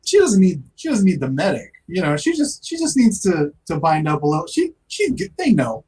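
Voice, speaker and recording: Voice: medium pitch, huge pitch swings, normal speed, a little mellow, slightly rough, poor audio. A player in a tabletop role-playing game, talking casually with hesitant, stammering restarts.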